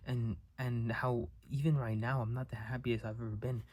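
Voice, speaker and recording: Emotional young man, halting confession. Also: medium pitch, flat delivery, darkish tone, no room sound. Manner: raw, halting, repeats words, swears often. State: emotional, near tears. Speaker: vlogger. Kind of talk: confessional monologue to camera.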